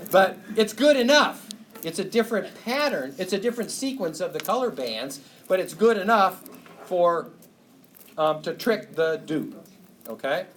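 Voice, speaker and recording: A man teaches a university biology class in a casual, joking way, tossing questions to the students. His voice sits a little high. He is picked up from a distance in a roomy, echoing lecture hall with clear background noise. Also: normal speed, a bit bright. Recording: echoey hall from far off, noisy.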